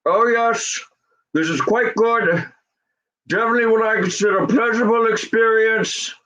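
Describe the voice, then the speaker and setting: A man doing a slow, ominous old film director. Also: high-pitched, pushed and bright, far from the mic, pitched above the performer's own voice. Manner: slow, ominous, formal drawl. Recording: dull lo-fi sound.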